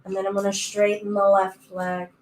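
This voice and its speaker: A woman's voice: medium pitch, monotone, moderate pace, slight background noise. A woman teaching a guided yoga class in a playful, chatty way, giving her breath and body little voices as she goes. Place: indoor room, virtual class. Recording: echoey room with faint music.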